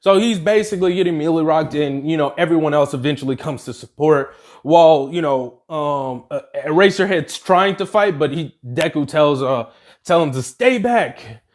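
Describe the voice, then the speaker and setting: A man's voice: fairly high pitch, expressive, normal speed. A man casually narrating a made-up fan story, rambling along with plenty of fillers and self-corrections.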